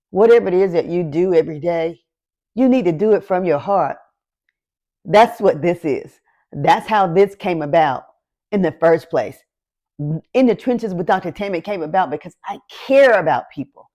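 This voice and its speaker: A woman's voice: on the low side, lively intonation, dark tone. A woman hosting her own show, giving a heartfelt motivational talk, emotional and close to tears. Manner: slow, emotional, encouraging. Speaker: podcast host.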